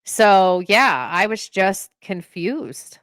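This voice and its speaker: A woman in her thirties, a podcast co-host and veteran, talking in a heartfelt, halting way and reading a poem. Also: medium pitch, very animated, fairly bright tone, no room sound. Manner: emotional, halting with restarts.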